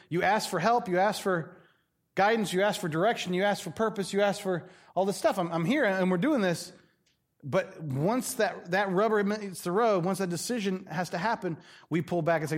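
A middle-aged man preaching a sermon as pastor, animated and acting out the voices he quotes. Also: high-pitched, moderate pace.

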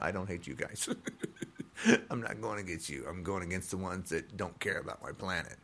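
A man's voice: low-pitched, creaky, fairly bright tone, breathy edge. A man of sixty ranting on his own podcast, heated and repetitive, his voice jumping up when he gets indignant. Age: 60s. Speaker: podcast host. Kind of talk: political rant podcast.

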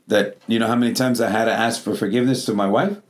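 A man's voice: fairly low pitch, fairly even intonation, fast talker, a little hiss or hum. A pastor preaching to his congregation. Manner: non-native English phrasing. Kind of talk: Pentecostal sermon. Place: church.

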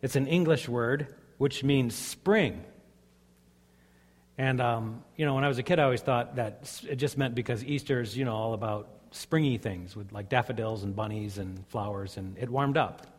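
A man's voice: mid-range voice, moderate pace. A man preaching a sermon as a pastor, earnest and conversational, telling stories to his congregation. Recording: long hall reverb.

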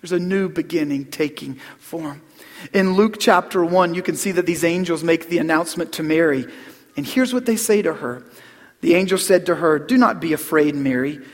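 A middle-aged man preaching a Christmas sermon as pastor, earnest, repeating words and dropping to a hush on key phrases. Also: fairly high pitch, normal speed. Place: church sanctuary. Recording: long hall reverb.

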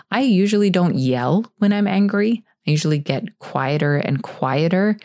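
A woman's voice: low-pitched, darkish tone, dry recording, studio quality. A middle-aged woman hosting a career advice show, telling a story from her own work in a candid, conversational way. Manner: candid, conversational, self-correcting. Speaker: podcast host.

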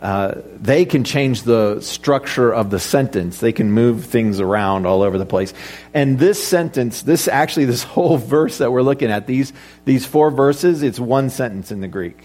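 A middle-aged man delivers a sermon in an easy, conversational way. He slips in light jokes and asks the congregation rhetorical questions. His pitch sits at an ordinary middle height for a man. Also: animated, normal speed, a little mellow. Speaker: pastor.

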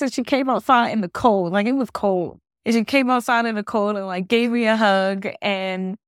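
A woman's voice: mid-range voice, normal speed, hardly any pauses, clear, resonant tone, no room sound, studio quality. A woman hosting a solo podcast from her new apartment, telling a story in a loose, rambling way, with lots of "like". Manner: rambling storytelling, heavy use of "like". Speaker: podcast host. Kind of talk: casual solo podcast chat.

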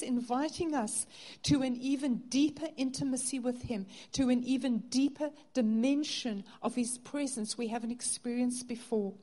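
A woman preaching a sermon in an earnest way, her voice dropping soft on tender phrases. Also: high-pitched, normal speed. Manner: earnest, softening to near-hush on intimate phrases.

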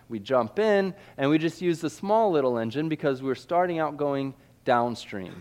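A man from Missouri delivers a storytelling sermon in a slightly higher voice. He talks in a lively, animated way and acts out sound effects as he goes.

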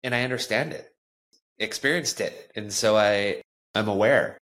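A middle-aged man hosting an interview, speaking in a measured, thoughtful way. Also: fairly low pitch, a bit bright. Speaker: host. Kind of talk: interview conversation.

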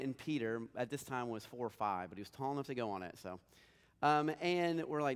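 A man in his thirties preaches in an earnest, conversational way, rising in his appeals and falling soft at the ends of his thoughts. His voice sits at a middling pitch, with a long reverb trailing after it through the church sanctuary. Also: expressive, fairly quick, clear, resonant tone. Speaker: pastor. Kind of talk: sermon.

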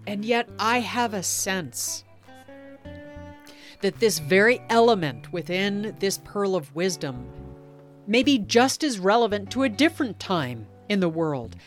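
A woman podcast host in gentle, contemplative narration and reflective conversation. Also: mid-range voice, big pitch swings, a little slow, faint music behind.

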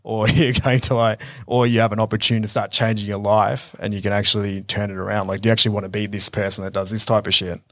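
A man, co-hosting a podcast, telling reflective stories in a relaxed way with lots of fillers. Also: fairly low pitch, quick pace, few pauses, dry recording, clean studio sound. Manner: reflective storytelling with many fillers. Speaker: podcast co-host. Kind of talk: casual conversational chat.

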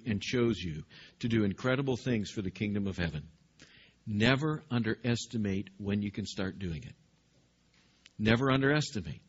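A male pastor preaching a sermon in an animated way, speaking directly to his congregation. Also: mid-range voice, breathy edge, highs cut off. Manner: animated, acts out scripture dialogue, addresses the congregation directly.

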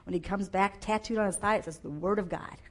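A woman delivering a sermon in an animated, emphatic way, her voice jumping into loud bursts. She sits at a middle pitch for a woman and speaks into a clip-on mic. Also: fast talker. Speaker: preacher.

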